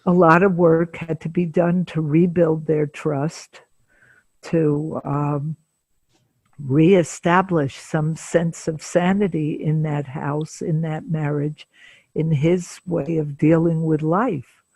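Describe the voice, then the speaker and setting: An older woman therapist speaks slowly in a gravelly, husky voice, taking her time between phrases. She recounts cases in a calm interview setting. The sound is dry and close. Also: low-pitched, no echo. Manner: slow, deliberate storyteller with frequent pauses. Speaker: psychotherapist guest. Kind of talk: interview storytelling.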